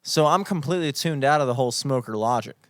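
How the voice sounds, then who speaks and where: A man's voice: medium pitch, animated, fast, fairly bright tone, no echo, clean studio sound. A young man co-hosting a podcast, telling a story in a casual, profane, mock-outraged way. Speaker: podcast co-host.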